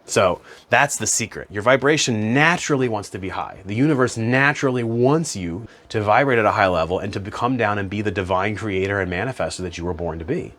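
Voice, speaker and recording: A man's voice: on the low side, lively intonation, fairly quick, few pauses, fairly bright tone. A man talking as a spiritual self-help coach in a casual, conversational monologue, often saying "you know" and "man".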